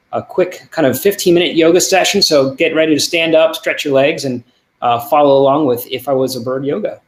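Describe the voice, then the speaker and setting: A man hosting a live online arts event, talking casually with many fillers and apologies. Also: a little high. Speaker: event host. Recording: echoey room.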